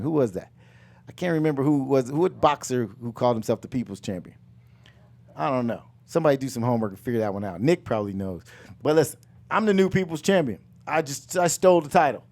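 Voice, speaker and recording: A middle-aged man hosting a live finance coaching talk, loud and emphatic, repeating his phrases and mixing in jokes. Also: fairly high pitch. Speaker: real estate coach and show host.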